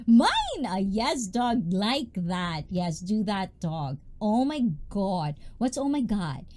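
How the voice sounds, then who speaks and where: A woman chats through a casual livestream, greeting viewers one after another. Her high voice swings widely in pitch, and its tone stays warm and mellow rather than sharp. She is loud, bubbly and talkative throughout. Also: lively intonation, slow pace, slight background noise. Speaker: livestream host.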